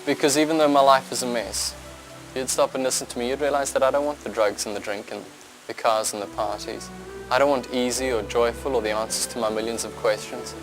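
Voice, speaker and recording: A man's voice: medium pitch, fairly even intonation, brisk. A man delivering a scripted, intense spoken-word monologue that builds to impassioned outbursts. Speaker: narrator. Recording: voice over loud background music.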